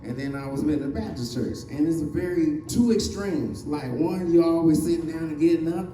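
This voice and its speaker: A man's voice: fairly high pitch, brisk, warm tone, roomy sound, far from the mic, soft background music. Southern man doing loose stand-up. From Virginia, USA. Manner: loose, rambling delivery with many fillers, acting out other people's voices. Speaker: stand-up comedian. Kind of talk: stand-up comedy set.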